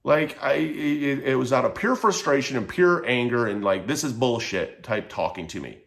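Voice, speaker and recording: A man recounts a personal story in a loose, casual vlog delivery at an ordinary mid-range pitch. He talks heatedly, with plenty of swearing, and keeps it animated. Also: a little fast. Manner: heated, profane, animated retelling. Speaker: vlogger telling a personal story.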